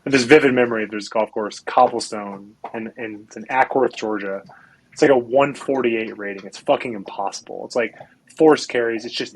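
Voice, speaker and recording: A man's voice: on the low side, a little hiss or hum, low-quality recording. A man hosting a golf podcast, telling stories with animation, lots of "like" and some swearing. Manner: animated storytelling, profane, many "like"s and "you know"s. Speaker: podcast host. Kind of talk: casual chat.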